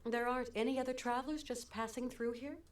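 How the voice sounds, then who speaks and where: A woman's voice: on the high side, fairly even intonation, fast talker, a little hiss or hum, lightly acted. An actress with an American accent playing a composed, curious woman traveler in a video game, asking polite questions.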